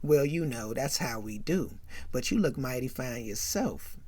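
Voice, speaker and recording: A woman voicing a nervous teenage boy playing it cool, talking low and stammering. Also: expressive, a little slow, mellow, no room sound, heavily acted. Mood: cocky. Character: nervous teenage boy turned small-time dealer.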